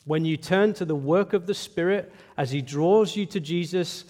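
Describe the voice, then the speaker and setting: A man's voice: sits high, normal speed, darkish tone, big-room sound. A male pastor preaching an earnest, emphatic sermon to a congregation, often asking rhetorical questions.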